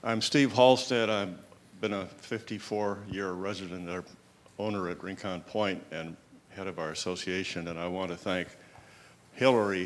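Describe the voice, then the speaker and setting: An older man heading a homeowners association, giving halting, plainspoken thanks at a public meeting. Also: sits low, fairly bright tone, a little hiss or hum. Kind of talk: public thank-you remarks. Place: public board meeting hall.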